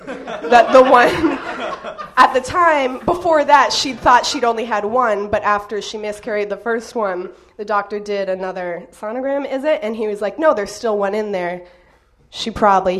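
A woman's voice: a little high, lively intonation, normal speed. A young woman telling a personal story to an audience, laughing often as she talks.

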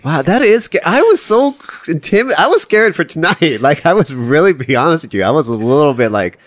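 Excitable young male host, very lively pitch, rambling delivery, dry close sound. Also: dry recording. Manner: excitable, rambling, quick to laugh. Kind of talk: casual chat.

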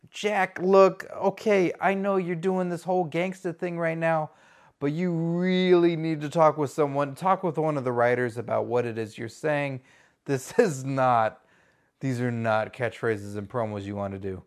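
Deep-voiced man as exasperated straight man. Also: animated, normal speed. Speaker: interviewer. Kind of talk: comedy sketch.

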